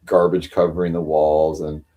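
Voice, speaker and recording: A man on a casual live stream at home, rambling with many fillers and cooing at his cats in a higher voice. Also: level tone, moderate pace, phone-quality sound. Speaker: livestreamer.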